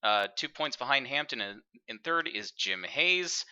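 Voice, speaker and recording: A man hosting and commentating a virtual racing broadcast in an upbeat, broadcast-style delivery with filler pauses. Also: mid-range voice, lively intonation, sharp tone, clean tone, highs cut off. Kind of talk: play-by-play commentary.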